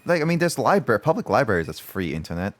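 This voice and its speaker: A man's voice: mid-range voice, big pitch swings, fast, soft background music. A man hosting a livestream, chatting casually with friends in a rambling way, full of restarts and fillers. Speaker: livestream host. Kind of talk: casual chat among friends.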